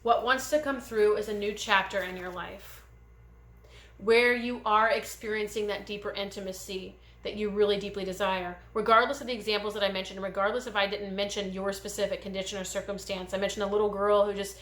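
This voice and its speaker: Woman, tarot reader, gentle meandering guidance, bright tone, roomy echo. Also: medium pitch, fairly even intonation. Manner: gentle, meandering spiritual guidance with many pauses. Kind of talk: pick-a-card tarot reading.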